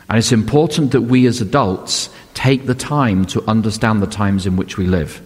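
With a lowish, darkish voice, an older man preaches as pastor, mixing stories and rhetorical questions in a conversational style. The recording carries a long hall reverb.

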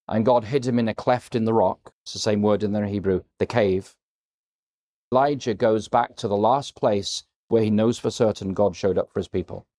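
Earnest, slightly low-voiced male preacher. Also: a little mellow. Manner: earnest, emphatic, varies emphasis when quoting. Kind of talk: sermon.

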